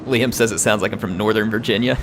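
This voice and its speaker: A man with a fairly low voice talks quickly over background noise as he streams a strategy game. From the United States, he has a near-neutral accent with a slight drawl and keeps up a rambling, chatty patter punctuated by chuckles.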